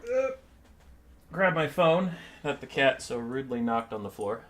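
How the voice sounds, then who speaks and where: A man chats casually on his live game stream in a playful way. His pitch moves around a lot, and he keeps switching into high baby talk with his dog and cat. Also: lively intonation, a little slow, fairly bright tone.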